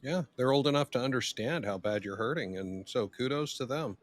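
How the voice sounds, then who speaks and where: A man's voice: medium pitch, animated, brisk. A man hosting a podcast interview, reacting to his guest with brief sympathetic comments. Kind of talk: supportive interview listening.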